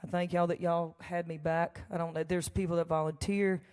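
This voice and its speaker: A woman's voice: lowish voice, little pitch movement, fairly quick, darkish tone, clean tone. Folksy woman chatting in a reverberant hall. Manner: chatty, folksy and joking, with laughs and asides to the crowd. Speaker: songwriter performing live. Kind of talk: storytelling between songs on stage. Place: large church hall with a live audience. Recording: long reverb of a large hall.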